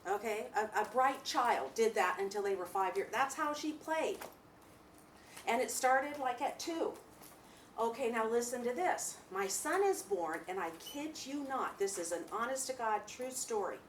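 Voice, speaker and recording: A middle-aged woman lecturing a class in a chatty, animated way, laughing as she tells stories. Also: a little high, unhurried, slight background noise. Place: lecture room.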